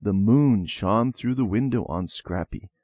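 A man narrating a children's storybook in an expressive read-aloud manner. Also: fairly low pitch, a little slow, dry recording, clean studio sound.

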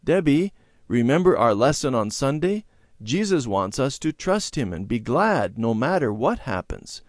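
A man's voice: medium pitch, big pitch swings, measured pace, no room sound, clean studio sound, pitched above the performer's own voice. A man reading aloud and voicing an earnest, eager young schoolboy in a storybook.

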